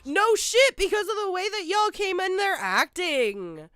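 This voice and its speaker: A woman's voice: extremely high pitch, big pitch swings, measured pace, fairly bright tone, dry recording. A woman streaming live, reacting to a video with blunt, profane, sarcastic commentary into a close mic.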